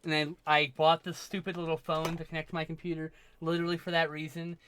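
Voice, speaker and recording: Stoned male streamer, rambling and swearing, bright and a bit high-pitched, dry close mic. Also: level tone, quick pace, slight background noise. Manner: rambling, scattered, swears a lot. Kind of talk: casual chat with chat.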